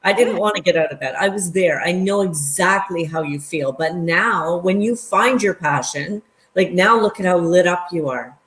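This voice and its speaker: A woman's voice: on the low side, moderate pace, few pauses, a bit bright, slight background noise. A woman in her fifties, a guest in a casual chat, speaking earnestly and emotionally. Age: 50s. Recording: echoey room.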